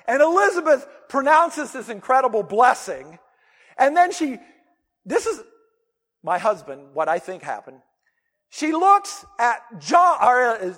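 High-voiced man preaching in a reverberant hall. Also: a bit bright. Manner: conversational and emphatic, with playful asides. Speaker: pastor. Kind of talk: sermon. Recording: long reverb of a large hall.

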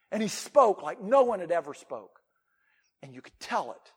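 A pastor preaching a sermon, swinging between loud, emphatic passages and quiet, low asides. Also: male voice, sing-song, moderate pace, slightly rough, long reverb tail.

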